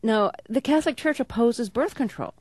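A woman interviewing a guest on the radio, curious and quick to laugh. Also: a little high, a little mellow, no echo.

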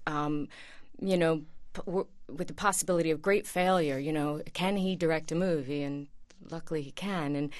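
A woman's voice: deep voice, a little mellow. A woman speaking as an actress guest in an interview, chatty and rambling, with many hesitations. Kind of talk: casual interview chat.

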